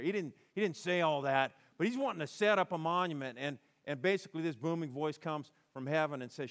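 Animated male pastor preaching. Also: on the high side, brisk, hardly any pauses. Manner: conversational and animated, acting out quoted lines. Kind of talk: sermon.

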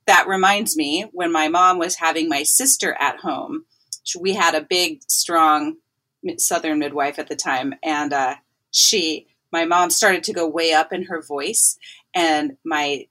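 A woman hosting a podcast, telling stories in casual chat in a quick, emphatic, animated way. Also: low-pitched. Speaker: podcast host.

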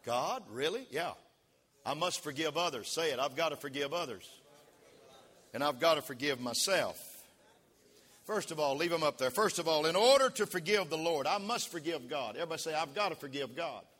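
A man preaching a sermon as pastor, leading the congregation in call-and-response and rising to shouts. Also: fairly high pitch, expressive, fairly quick. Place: church sanctuary. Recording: long reverb of a church hall.

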